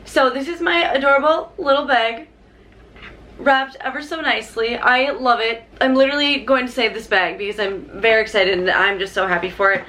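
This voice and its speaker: A young woman vlogging an unboxing, gushing and bubbly, peppering her talk with "literally" and "like", her pitch jumping high when she is thrilled. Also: fairly even intonation, moderate pace, bright, forceful tone, slight background noise. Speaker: YouTuber. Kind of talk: excited unboxing vlog.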